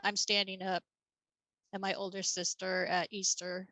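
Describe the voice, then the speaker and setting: A woman's voice: mid-range voice, little pitch movement, unhurried, pushed and bright, no echo, low-quality recording. A woman guest in a casual interview, telling her story in a matter-of-fact way with light laughs.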